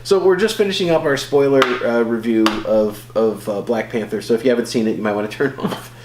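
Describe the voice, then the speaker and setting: On a relaxed movie review podcast, a male co-host of medium pitch speaks at a fairly quick clip, meandering with frequent fillers and restarts. There's an echoey room sound and a faint hum.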